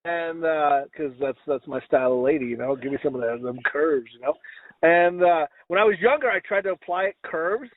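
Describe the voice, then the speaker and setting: At a moderate pace, this male podcast co-host rambles through crude, self-mocking stories in a relaxed storytelling chat. Quoted lines come out in a high pitch as he acts them out. The dry, phone-quality lo-fi recording carries a little hiss or hum.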